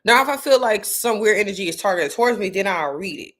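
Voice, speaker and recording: This spiritual content creator has a mid-range, animated voice and talks quickly. In a casual livestream, she tells her viewers about spirituality bluntly and profanely, full of slang, repeating herself for emphasis.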